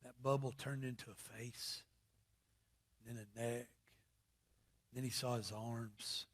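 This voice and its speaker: A man's voice: mid-range voice, slow, long pauses, a bit bright. A man preaching a sermon in a plainspoken, folksy storytelling manner. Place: church service.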